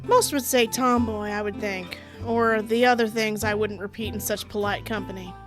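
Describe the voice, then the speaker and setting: A woman's voice: medium pitch, steady tone, normal speed, music in the background, natural voice. A woman voicing a tough tomboy female outlaw who banters wryly in a light Southern drawl. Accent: put-on Southern US drawl. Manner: wry, teasing cowboy banter.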